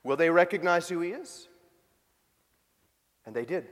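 Male pastor, high pitch, conversational sermon delivery with rhetorical questions, long hall reverb. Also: lively intonation, unhurried.

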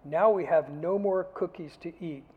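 An eager, cookie-loving storybook toad, read aloud by a man in a pitched-up, husky voice. The sound rings with long reverb from a large hall. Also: moderate pace, narrow, tinny audio. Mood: sad. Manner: excited, loud storybook reading. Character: cheerful cartoonish male toad, greedy for cookies.

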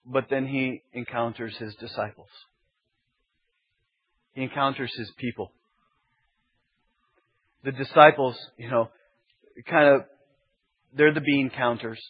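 A man's voice: mid-range voice, steady tone, takes it slowly, long pauses, slightly rough. A man preaching as a pastor, teaching emphatically with building repetition. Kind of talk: expository sermon. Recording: dull lo-fi sermon recording.

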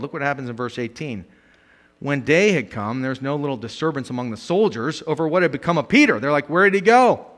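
A male pastor preaching a sermon, animated, swinging between loud emphatic bursts and quiet asides, with frequent laughs. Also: on the high side.

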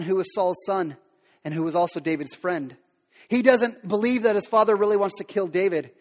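A man's voice: high-pitched, big-room sound. A male preacher retelling a Bible story in a conversational sermon, with modern asides.

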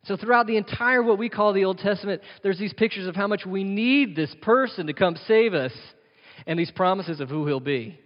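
Male pastor, fairly high voice, sermon delivery with rhetorical questions, dull recording with long hall reverb. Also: brisk. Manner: rhetorical questions, emphatic repetition.

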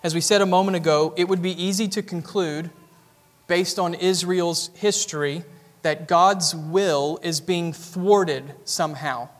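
A man's voice: high voice, fairly even intonation, a little slow. A man with a Southern US accent, a pastor preaching an earnest expository sermon in a church sanctuary. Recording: reverberant church hall.

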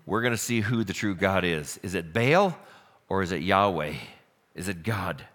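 A man's voice: sits low, expressive, normal speed, fairly bright tone, pitched below the performer's own voice. A man voicing a bold, defiant prophet who challenges and scoffs at his rivals. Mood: challenging.

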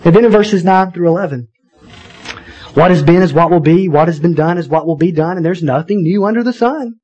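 A man preaching a sermon in a conversational, animated way, with wry asides to the congregation. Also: sits high, a little fast, highs cut off, soft background music. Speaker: pastor.

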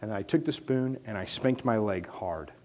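A man's voice: expressive, normal speed. Man preaching an earnest sermon. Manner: earnest preaching that rises to loud, high emphasis. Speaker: pastor.

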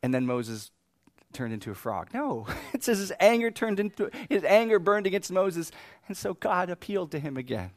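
A man preaching a sermon in an animated, lively way, often laughing and acting out the scripture he talks about. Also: high-pitched, moderate pace, no room sound. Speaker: pastor.

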